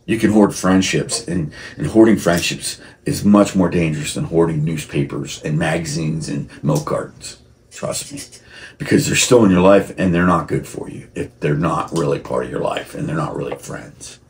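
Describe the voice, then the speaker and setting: A man's voice: low-pitched, a little hiss or hum. A man talking to camera in a rambling personal monologue, repeating and restarting, working himself up into heated outbursts. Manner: rambling, gets heated and shouty; frequent restarts and repeated words. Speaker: vlogger.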